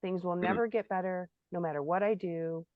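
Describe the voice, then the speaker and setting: A woman co-hosting a live spiritual Q&A, talking reflectively and pausing to search for words. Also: lowish voice, dry recording. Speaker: spiritual workshop co-host. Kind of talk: live Q&A discussion. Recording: dull lo-fi sound.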